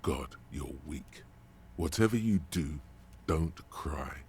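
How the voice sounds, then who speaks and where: A man's voice: rumbling low, expressive, slow pace, darkish tone, a little hiss or hum, heavily acted. An actor voicing a stern, scornful male inner-voice narrator in a video game, cutting and commanding. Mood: mocking.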